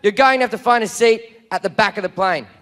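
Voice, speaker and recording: A man's voice: high voice, a little fast, fairly bright tone. A man putting on a stern flight attendant. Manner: bossy, scolding.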